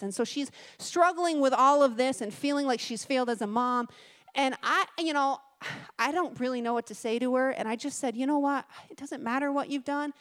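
Emphatic woman preaching a sermon. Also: on the high side. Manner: storytelling, emphatic, off-the-cuff. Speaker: guest preacher. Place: church.

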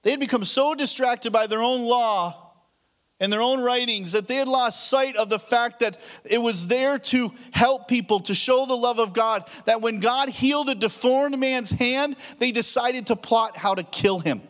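Pastor guy preaching, high-ish voice, chatty sermon, tells stories, trips over words now and then. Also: normal speed, a bit bright. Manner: casual storytelling with frequent restarts. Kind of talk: conversational sermon.

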